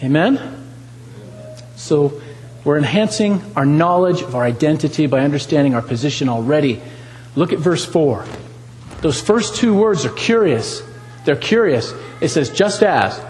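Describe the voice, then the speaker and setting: A man's voice: on the high side, animated, measured pace, darkish tone, long reverb tail, a little hiss or hum, rough recording. A man preaching a sermon, talking with animation, asking the congregation questions and repeating lines for emphasis.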